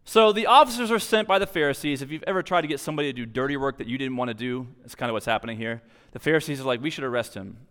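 A man's voice: mid-range voice, rapid-fire, hardly any pauses, smooth. Male preacher, reverberant hall. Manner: conversational, animated preaching with casual asides. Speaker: pastor. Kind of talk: sermon. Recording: long reverb of a large hall.

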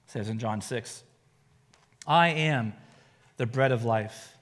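A man's voice: medium pitch, slow pace, a bit bright, in a large hall. A pastor preaching a sermon, earnest, his voice rising and falling for emphasis.

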